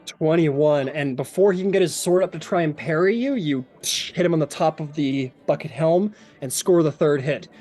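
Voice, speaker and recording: A man's voice: a little high, normal speed, few pauses, darkish tone. A man narrating a tabletop game as game master, in a loose, rambling way with lots of fillers.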